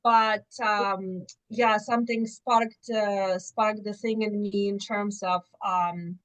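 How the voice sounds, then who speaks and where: A woman's voice: mid-range voice, steady tone, takes it slowly, poor audio. Hesitant woman on a group call. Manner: hesitant, with many ums. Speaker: team member on a community call. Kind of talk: casual chat on a group call. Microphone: video call.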